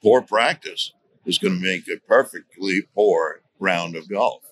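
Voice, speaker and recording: A man speaking as a guest in a podcast interview, explaining his points deliberately and repeating key words for emphasis. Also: low voice, a bit bright. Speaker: guest, safety trainer.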